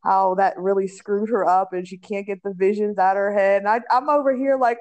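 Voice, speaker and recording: A woman's voice: mid-range voice, fairly even intonation, darkish tone. A young adult woman co-hosting a podcast in casual chat, giggling often as she talks. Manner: giggly, slow, laughs often. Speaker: podcast co-host.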